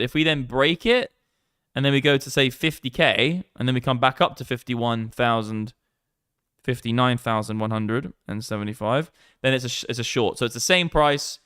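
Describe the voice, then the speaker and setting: A brash young man banters with his livestream chat, swearing freely as he riffs on markets. His voice is smooth and resonant, and it sits close and dry with no room around it. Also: medium pitch, fairly bright tone, no echo. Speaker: crypto trading livestream host. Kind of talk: casual livestream chat, reading viewer comments.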